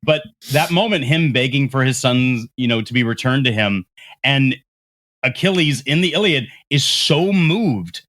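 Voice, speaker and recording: A man's voice: mid-range voice, animated, a little slow, fairly bright tone. A man co-hosting a casual podcast, rambling with many fillers as he searches for words. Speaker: podcast co-host. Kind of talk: casual chat.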